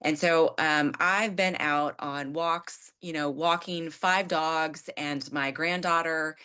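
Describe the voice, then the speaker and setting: A therapist and coach in her fifties, a guest on a conversational show, speaks candidly in a lowish, smooth voice at a slow pace. Animated and self-deprecating, she slips into acting out her own exasperated quotes as she tells her story.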